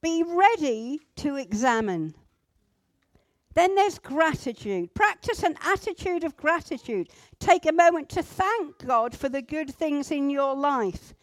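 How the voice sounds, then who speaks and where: A woman teaching a group how to pray, gentle and instructive, with pauses. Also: high-pitched, sing-song, no echo. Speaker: church group leader. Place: indoor room with a group at tables.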